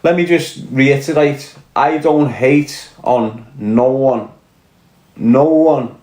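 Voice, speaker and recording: A man from Liverpool, England, speaks slowly in a mid-range, darkish voice with a roomy sound. Hosting a casual livestream in his Scouse accent, he rants bluntly, swears, and responds combatively to the chat he reads.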